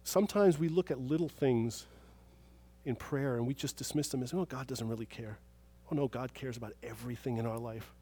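A man preaching a sermon as pastor, telling stories and moving from soft, hushed moments to loud, emphatic praise. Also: mid-range voice, brisk, husky.

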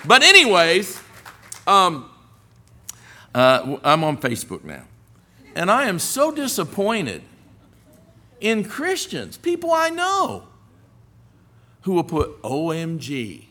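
An older male preacher delivers his sermon in a folksy, storytelling way. His voice is fairly high and bright, with a lively, swooping delivery that climbs into forceful emphasis. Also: takes it slowly, pauses often.

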